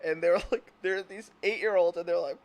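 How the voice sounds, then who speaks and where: A man's voice: sits high, steady tone, moderate pace. Giggly man rambling in casual chat. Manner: giggly, rambling, laughs through his words; acts out imagined lines in silly voices. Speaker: host.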